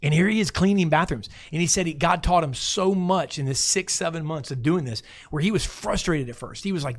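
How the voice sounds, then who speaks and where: A man hosting a faith talk show, telling stories in a lively way with many restarts. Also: on the high side, a little fast, hardly any pauses. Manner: animated storytelling with many restarts. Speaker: host.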